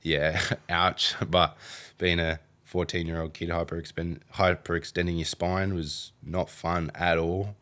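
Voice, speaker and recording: A man's voice: sits low, little pitch movement, a little slow, bright, forceful tone. A young Australian man with an Australian accent, candidly recounting his story in a documentary interview. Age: young adult. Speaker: documentary subject.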